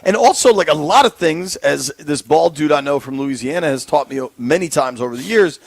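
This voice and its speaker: A man co-hosts a sports radio show, chatting casually with frequent ums, hesitant fillers, and easy laughter. His voice is a little high, expressive, brisk, and creaky, recorded dry on a studio microphone.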